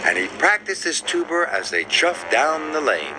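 A man reading a children's story aloud in an expressive, sing-song narrating manner. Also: a little high, normal speed, very noisy.

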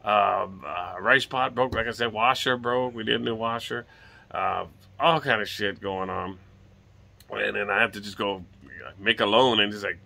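A gravelly, sharp-toned voice on the low side comes from a middle-aged Hawaiian vlogger speaking at normal speed. With a light lilt, he rambles casually on his home porch outdoors, swearing from time to time.

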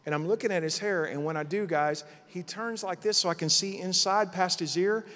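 A middle-aged man preaching at a conference, telling a vision story with lively acted-out quotes. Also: high-pitched, a little fast. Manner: animated storytelling, acting out quotes. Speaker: pastor. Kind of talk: conference sermon testimony. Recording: long hall reverb.

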